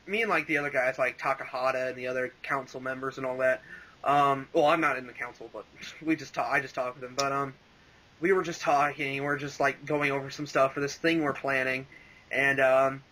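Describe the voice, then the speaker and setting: A man's voice: mid-range voice, steady tone, brisk, pushed and bright, rough recording. A young man rambling casually as an interview guest, full of "like" and "um" and frequent laughs. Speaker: interview guest, fan voice actor.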